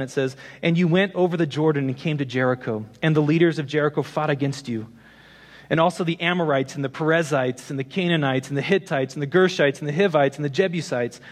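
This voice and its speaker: Animated preaching man in a reverberant hall. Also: mid-range voice. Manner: animated storytelling, rising to emphatic preaching. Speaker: pastor. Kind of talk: sermon.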